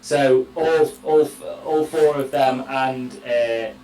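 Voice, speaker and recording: Slow man counting dice rolls. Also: medium pitch, steady tone, reverberant, poor audio. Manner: slow and deliberate, counts dice out loud, swears now and then. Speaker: player. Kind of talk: playing a tabletop game over voice chat.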